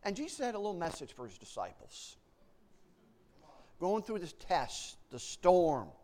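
A man preaching a sermon, animated, often restarting words and acting out panicked voices as he tells a story. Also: sits high, measured pace.

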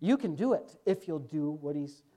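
A man preaching a sermon as pastor, emphatic, slipping from quick asides into loud, drawn-out stresses. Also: fairly high pitch, expressive.

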